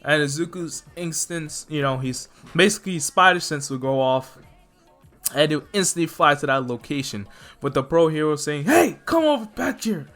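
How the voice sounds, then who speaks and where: A man's voice: on the high side, moderate pace, pushed and bright, faint music behind. A man casually narrating a made-up fan story, rambling along with lots of "you know" fillers.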